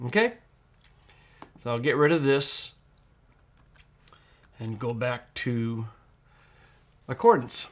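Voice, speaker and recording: A man's voice: medium pitch, sing-song. Patient man teaching over a screencast. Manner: patient, explains step by step, slows down to model pronunciation. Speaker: Greek teacher. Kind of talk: screencast tutorial narration.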